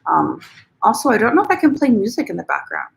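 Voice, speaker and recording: A woman's voice: mid-range voice, wildly swooping pitch, quick pace, creaky, slight background noise. A woman hosting her first crochet livestream from home. She talks casually and giggles a lot while eating, through a computer camera mic. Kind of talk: casual live-stream chat.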